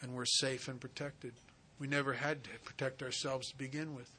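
Guy giving a recovery talk, husky and kinda bright, acts out the people in his stories. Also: mid-range voice, moderate pace. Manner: animated, acts out dialogue. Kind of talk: spiritual talk with storytelling.

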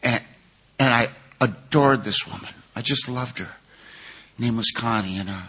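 An older man sharing his life story at a recovery meeting, long-winded and candid, with self-mocking humor and a voice that gets loud when the story heats up. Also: mid-range voice, normal speed, husky. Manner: grows loud and heated when telling intense moments. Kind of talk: personal testimony, storytelling.

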